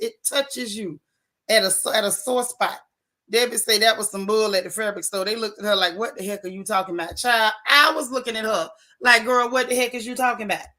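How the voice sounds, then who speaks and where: A woman's voice: fairly high pitch, pushed and bright. A woman hosting a casual live stream, chatting sassily with viewers about a reality show. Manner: sassy, chatty, greets viewers. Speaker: host.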